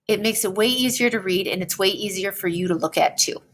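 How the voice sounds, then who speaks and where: A woman teacher explaining a writing lesson in a slow, patient way, often checking in with "okay?". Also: medium pitch.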